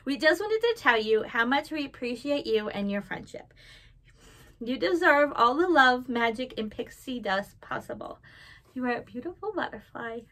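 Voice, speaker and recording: A woman's voice: high voice, animated, normal speed, bright, forceful tone. A young woman vlogging at home, unboxing a package on camera in a gushing, emotional way. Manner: gushing, emotional, tearful with laughter. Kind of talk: casual unboxing vlog.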